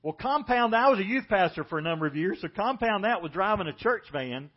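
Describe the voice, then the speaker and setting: A man's voice: expressive, a little fast. A middle-aged man preaching a sermon as pastor, telling the story vividly and acting out the voices he quotes. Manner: storytelling, acts out quoted speakers with lifted pitch. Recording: dull lo-fi church audio.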